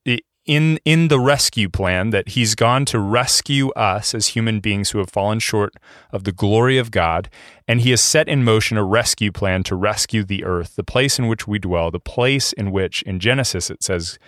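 Pastor, male, low-pitched, dry sound; talky sermon delivery with frequent ums and restarts. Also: moderate pace, fairly bright tone, dry recording. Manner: conversational preaching with many fillers and restarts.

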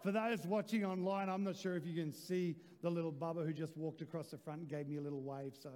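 A man in his forties preaching a sermon as pastor, building to shouted emphasis with cheeky asides, recorded in a large church. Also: fairly high pitch, steady tone, fast talker. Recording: long hall reverb.

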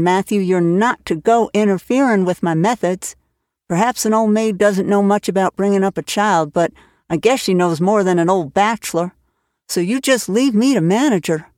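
A woman voicing a stern, brisk middle-aged spinster woman who speaks severely. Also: mid-range voice, darkish tone, no room sound, studio quality, natural voice.

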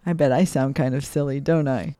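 A woman gently leading children through a breathing and mindfulness meditation, asking soft questions. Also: very deep voice, fairly even intonation, dry recording, clean studio sound. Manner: slow, soothing, gently questioning. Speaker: mindfulness teacher for kids.

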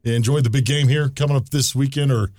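A man's voice: mid-range voice, steady tone, a little fast, darkish tone, dry recording, clean studio sound. A man hosting a radio podcast in casual chat, easygoing and enthusiastic. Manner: easygoing, laid-back, enthusiastic asides.

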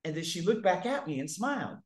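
A man telling stories to his viewers in a casual monologue, swearing freely and swinging widely in pitch and loudness. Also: brisk. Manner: profane, animated, big swings in pitch and loudness. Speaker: vlogger. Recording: echoey room.

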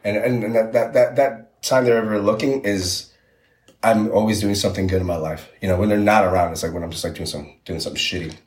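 A man's voice: fairly low pitch, fairly even intonation, fast, echoey room. A young man as a podcast guest, chatting casually and rambling with many fillers and restarts. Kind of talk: casual chat.

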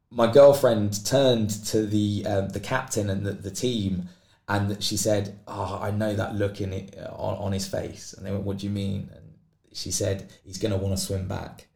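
A British man, an athlete appearing as a podcast guest, tells a long story in a lowish, slightly slow voice with vocal fry. He's animated and acts out the voices of the people involved, and the recording has a roomy echo.

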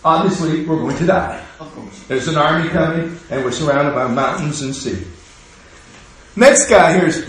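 A man's voice: on the high side, normal speed, fairly bright tone. A man preaching a sermon in a humorous, conversational way, acting out quotes from the people in his story. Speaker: pastor. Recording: echoey room.

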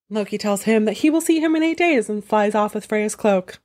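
A woman's voice: medium pitch, animated, fairly quick, darkish tone. A woman host telling a myth comedically, with profane, wry asides. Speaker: storyteller host. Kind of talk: comedic mythology storytelling.

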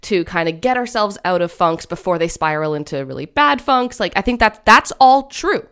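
A young woman co-hosting a casual podcast, telling animated stories about her child with frequent restarts. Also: medium pitch, normal speed, clear, resonant tone. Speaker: podcast co-host, mother.

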